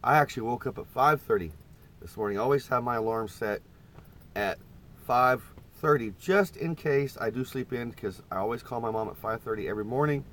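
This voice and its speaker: A man's voice: mid-range voice, a bit bright, slight background noise. A middle-aged man chatting casually and rambling to his viewers on a live stream from inside a parked camper van. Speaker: vlogger.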